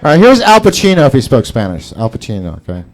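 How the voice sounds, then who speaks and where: A male comedian works a small garage crowd with rambling, profane, self-mocking asides. His pitch jumps around a lot as he talks. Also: huge pitch swings, quick pace. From Salvadoran and Brazilian heritage. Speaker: stand-up comedian. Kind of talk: stand-up set at an open mic.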